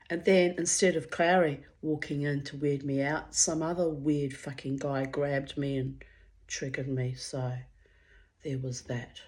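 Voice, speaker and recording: A woman's voice: deep voice, darkish tone. A middle-aged woman, telling a story to her channel in a blunt, profane and dramatic way. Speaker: vlogger. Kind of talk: casual storytelling monologue.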